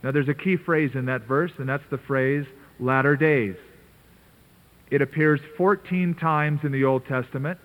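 A man's voice: mid-range voice, a little slow. A man preaching a sermon in an earnest, conversational way with emphatic asides. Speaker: pastor. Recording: tinny narrow-band radio broadcast.

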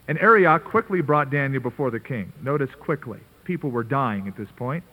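A pastor preaches a sermon in an earnest, conversational manner, punctuated by emphatic asides. His medium-pitched voice is expressive and moderately paced, heard through a tinny, narrow-band radio broadcast.

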